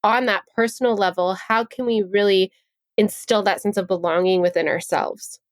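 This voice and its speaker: A woman's voice: mid-range voice, steady tone, moderate pace, no echo. Encouraging woman podcast host, dry sound. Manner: warm, encouraging, laughs easily. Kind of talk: casual interview conversation.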